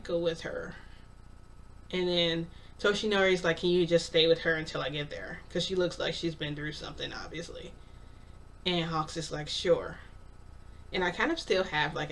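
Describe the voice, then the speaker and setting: A woman's voice: sits low, recorded from a distance, a little hiss or hum. A woman casually retelling a story in the first person, narrating dialogue with lots of "I'm like" and "he's like". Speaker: channel host telling a story.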